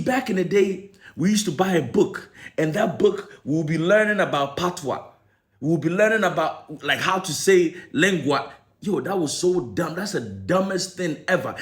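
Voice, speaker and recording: Argumentative Ghanaian man, slightly high voice. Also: a bit bright. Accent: Ghanaian English with some American. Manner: argumentative, rhetorical questions. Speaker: entertainment commentator. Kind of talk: opinionated monologue.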